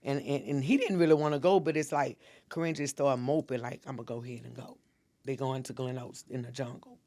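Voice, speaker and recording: A woman's voice: very deep voice, steady tone, brisk, mellow. A middle-aged woman, a minister telling an intense personal story as a podcast guest and acting out what people said.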